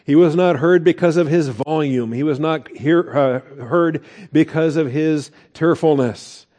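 A man's voice: a little high, measured pace, mellow. A middle-aged man preaching a conversational sermon, asking rhetorical questions and growing emphatic. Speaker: pastor.

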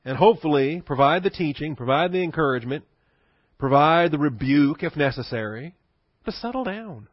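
A man's voice: fairly high pitch, brisk, no room sound, lo-fi sound. A male pastor preaching a sermon in a conversational teaching manner, asking rhetorical questions and chuckling.

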